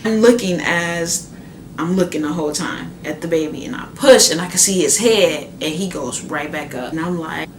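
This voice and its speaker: A young woman telling a personal story in a casual, animated way, full of fillers, sometimes acting out what others said. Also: lowish voice, normal speed. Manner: animated, acts out quoted voices, many "like" fillers. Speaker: new mother. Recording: echoey room with faint ambient noise.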